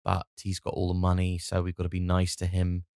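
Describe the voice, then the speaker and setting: Casting: low-voiced British comic, rambling sweary monologue, dry close sound. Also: male voice, completely flat delivery, a little fast, gravelly, darkish tone, clean tone, no room sound. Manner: rambling and sweary, lots of restarts. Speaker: comedian and podcast host. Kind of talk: comedic solo podcast monologue.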